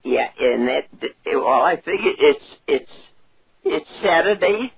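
A muddled old lady, put on by a man, rambles and repeats herself on a prank call. Her voice sits high and swoops up and down, with a crackly rasp. She drags out every word at a crawl. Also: lively intonation, slow, exaggerated voice. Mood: dithering. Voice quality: creaky, husky. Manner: rambling, repeats words, loses track. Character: confused, dithering elderly woman on a prank call. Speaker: prank caller.

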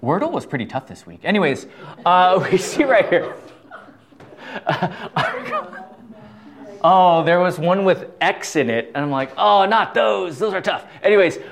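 A man's voice: sits high, sing-song, measured pace, pauses often. A middle-aged man leading an informal Bible study, talkative, tossing out rhetorical questions, stammering and chuckling as he goes. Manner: talkative, asks rhetorical questions, frequent "right?"; stammers and restarts, chuckles often.

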